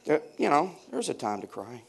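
A man's voice: fairly high pitch, very animated, normal speed, creaky, crowd noise. A man in his fifties, a pastor preaching a sermon to his congregation, telling funny stories and bantering with the people in the pews. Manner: humorous, storytelling, banters with the congregation. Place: church before a congregation.

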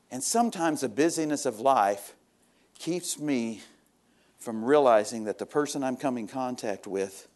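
A male pastor preaching a sermon, reading scripture and then explaining it, swinging between loud rising exhortation and quiet confiding talk. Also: mid-range voice. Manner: reads scripture aloud, then explains it plainly.

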